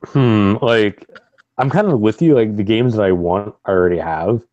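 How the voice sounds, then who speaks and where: A man's voice: lowish voice, moderate pace, darkish tone, dry recording, muffled recording. A man co-hosting a casual gaming podcast, rambling, swearing often and laughing a lot. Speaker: podcast co-host.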